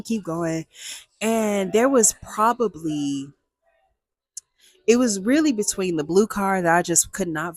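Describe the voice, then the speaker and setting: A woman hosting a casual storytime vlog, talking in a playful, animated way and acting out dialogue with big jumps in her voice. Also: lowish voice, no room sound. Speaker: storyteller host.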